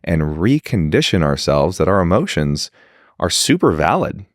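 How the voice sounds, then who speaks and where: A man speaking as a podcast guest in casual conversation, animated and blunt, swearing freely and acting out quoted dialogue. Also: sits low, moderate pace, no room sound, studio quality. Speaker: podcast guest, leadership mentor.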